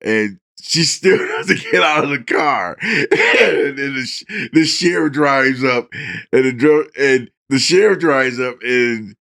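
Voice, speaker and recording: A man's voice: medium pitch, slow pace, creaky, no echo, studio quality. A man co-hosting a podcast, telling stories with animation and acting out lines, restarting in bursts. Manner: animated storyteller who acts out the characters' lines. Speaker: podcast co-host. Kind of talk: casual chat, storytelling.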